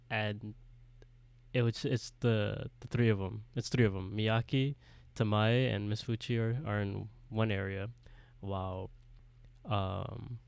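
A man's voice: lowish voice, vocal fry, no echo. A man co-hosting a podcast, retelling a horror story in casual chat and laughing often as he goes. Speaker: podcast co-host.

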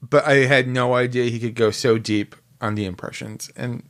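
A man's voice: medium pitch, fairly even intonation, moderate pace, fairly bright tone. A man co-hosting a podcast, joking around in casual chat. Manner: playful and joking. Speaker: podcast co-host.

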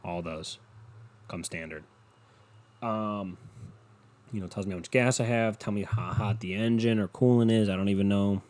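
A man hosting a solo podcast, rambling in a profane, deadpan way and sounding tired. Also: fairly low pitch, normal speed, long pauses. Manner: profane, meandering and deadpan, with frequent swearing. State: tired and yawning. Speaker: podcast host.

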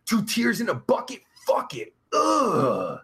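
Man, young adult, high voice, very lively swooping pitch, profane, sarcastic, rambling live stream chat. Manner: profane, rambling, sarcastic, with groans and drawn-out sighs.

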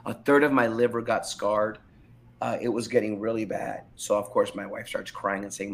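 Pitched on the low side and talking at a normal speed, a middle-aged pastor tells his own testimony over slight background noise. The interview is candid, and he's animated and emphatic, frequently repeating phrases to drive them home.

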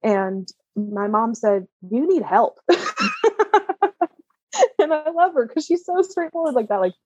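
A woman's voice: fairly high pitch, lively intonation, a little slow, dark tone, slightly rough, no room sound, muffled recording. A woman guest candidly telling a personal story, open and emotional, often laughing. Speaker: interview guest.

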